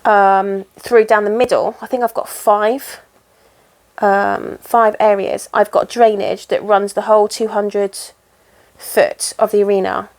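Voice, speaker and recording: A woman's voice: medium pitch, flat delivery, unhurried, darkish tone. A woman in casual chat while she stitches, rambling and poking fun at herself. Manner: rambling, chatty and self-deprecating. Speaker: cross-stitch vlogger.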